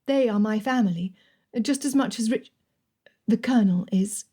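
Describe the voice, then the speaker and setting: A bold young Frenchwoman, a dressmaker, pert and forthright in a storybook romance, as a woman narrator puts her on. Her voice sits a little higher than the reader's own, with a soft, mellow tone. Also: normal speed, slightly rough. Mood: pleading.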